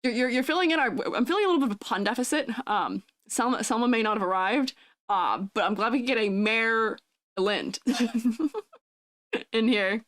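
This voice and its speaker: A woman's voice: fairly high pitch, moderate pace, fairly bright tone, no room sound, studio quality. A woman chatting casually on a livestream, giggling often and reading chat messages aloud. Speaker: streamer.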